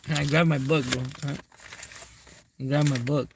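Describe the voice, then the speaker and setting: Rambling, profane man with a higher voice. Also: fairly even intonation, normal speed, vocal fry, pauses often, husky. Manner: rambling, profane, keeps asking viewers "right?". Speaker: tarot reader. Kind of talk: casual storytelling vlog to viewers.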